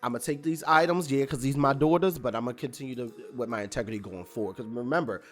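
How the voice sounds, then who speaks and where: A man recaps a TV episode fast, his medium-pitched voice set against soft background music. As a recap reviewer he keeps it loose and chatty, with plenty of fillers and acted-out lines from the characters.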